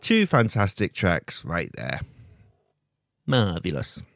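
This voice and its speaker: A male radio presenter with an animated, swooping delivery that rises and falls as he talks. He banters and laughs easily with his co-host, and the studio sound is dry and close. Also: sits low, slow, creaky, no echo. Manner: lively, laughs often, teasing.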